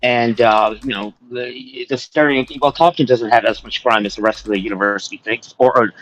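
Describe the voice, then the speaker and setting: A man's voice: mid-range voice, steady tone, fairly quick, fairly bright tone, poor audio. A man telling stories in casual chat on a live stream, rambling with lots of fillers. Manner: rambling storytelling with many fillers.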